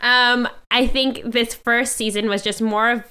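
A woman's voice: fairly high pitch, steady tone, a little slow, bright, forceful tone, clear, resonant tone. A woman co-hosting a podcast in casual chat, laughing often and talking with lots of fillers. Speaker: podcast co-host.

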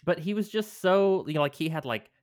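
A man's voice: a little high, animated, fairly quick, no echo, clean studio sound. A man telling a rambling, profane story in a casual chat.

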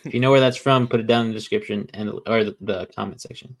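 A man's voice: lowish voice, fairly even intonation, fast talker. A man hosting a casual football betting show, joking around and passing the floor to the others. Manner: laid-back, joking, hosting. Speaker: host. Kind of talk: casual sports betting chat.

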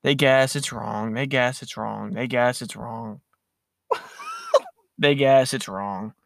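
A young man casually telling a funny story, animated and often laughing. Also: medium pitch, slow pace, vocal fry.

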